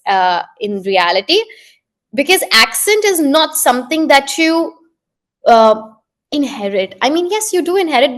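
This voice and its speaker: A woman from India with a slightly high voice, answering interview questions as an English exam coach. She explains step by step and briskly, often adding tag questions like "right?" to check in. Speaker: IELTS instructor and communication coach.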